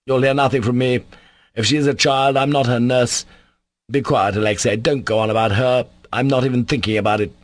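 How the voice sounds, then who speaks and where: A man voicing a bitter, sardonic young man in an audiobook, sharp and contemptuous in tone. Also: medium pitch, fairly even intonation, fairly quick, no echo, voice pushed up, lightly acted. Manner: sharp, contemptuous, scornful delivery. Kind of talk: audiobook character voice.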